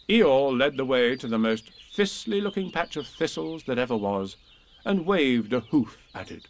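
A man reading a children's storybook aloud with slow, expressive narration. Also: mid-range voice.

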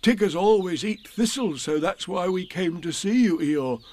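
A gentle little bear who is kind and a bit simple, voiced by a man telling the story. He speaks mildly and earnestly, a touch higher than the reader's own voice, and the voice sits a little back from the mic. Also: normal speed.

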